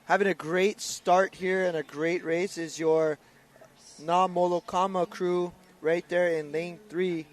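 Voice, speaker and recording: A man's voice: high-pitched, little pitch movement, unhurried. A man doing upbeat live commentary on a canoe race, announcing lanes and crews.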